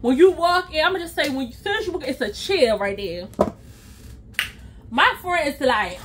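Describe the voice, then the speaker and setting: High-voiced woman telling a wild story. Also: moderate pace, a little hiss or hum. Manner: animated, with sound effects and acted-out quotes. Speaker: vlogger. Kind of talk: storytime vlog.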